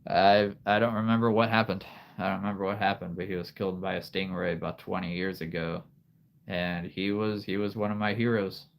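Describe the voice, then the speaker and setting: Slow, low-voiced man chatting on a livestream. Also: a bit bright. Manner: rambling, halting, laughs often. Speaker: livestream host. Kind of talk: casual live-stream chat.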